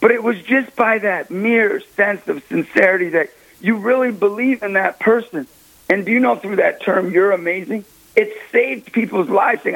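A man speaking as a Catholic ministry guest on a radio talk show, energetic and preachy, acting out the people he quotes. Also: high voice, normal speed, creaky, rough recording. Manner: energetic, preachy, laughs often, acts out quotes. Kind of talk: lively radio interview talk. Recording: radio broadcast.

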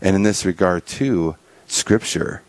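A man's voice: low voice, unhurried, darkish tone, no echo. A man hosting a Catholic talk show, leading an opening prayer and then asking questions in a loose, rambling way with many restarts. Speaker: podcast host. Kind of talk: prayer and casual discussion.

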